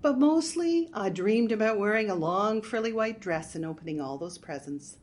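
Bitter middle-aged housewife, sarcastic and fed up, with a pitch that swings all over, as a woman reader puts her on. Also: moderate pace, natural voice. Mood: wistful bitter. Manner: sardonic, exasperated, lively.

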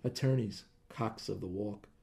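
A man's voice: fairly low pitch, unhurried, gravelly, warm tone, breathy edge, pitched below the performer's own voice, heavily acted. A man voicing a hot-headed, drunk, out-of-work husband who blusters and pities himself. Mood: angry. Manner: blustering, self-pitying.

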